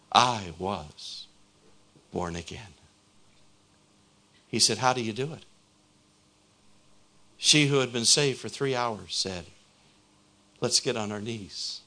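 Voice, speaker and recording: Slow, bright-voiced preacher man. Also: medium pitch. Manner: slow storytelling, building to fervent appeal. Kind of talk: sermon.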